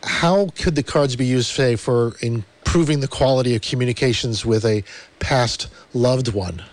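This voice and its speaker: A man's voice: medium pitch, moderate pace. A man hosting a podcast interview, asking reflective questions and giving frequent short affirmations. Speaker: host.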